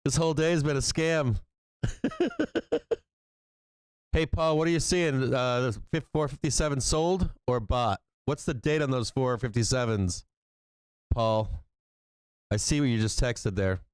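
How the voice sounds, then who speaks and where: A man's voice: medium pitch, moderate pace, clear, resonant tone, dry recording. A man hosting a live stock market stream, swearing a lot and reacting with disbelief and frequent laughter. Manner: profane, incredulous, laughing often. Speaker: stock market livestream host.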